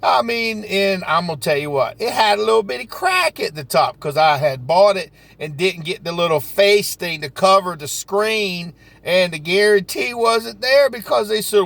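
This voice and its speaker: A man with a Southern US accent telling stories from his sales work in a folksy, animated way. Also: high-pitched, normal speed, gravelly, hardly any pauses. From Southern United States. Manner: folksy, animated, dialect grammar like "ain't nobody". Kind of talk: casual storytelling vlog.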